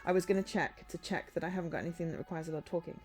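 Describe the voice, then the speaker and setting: A woman's voice: on the low side, very fast, darkish tone, soft background music. A woman streaming a game, chatting casually in a rambling, easily sidetracked way.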